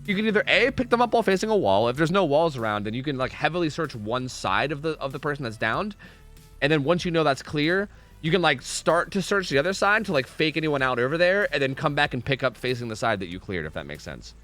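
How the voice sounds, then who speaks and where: A man's voice: a little high, very animated, fast, fairly bright tone, soft background music. A man streaming a game live, giving casual commentary, swearing often and chatting with his viewers. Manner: laid-back, swears often, chats with viewers.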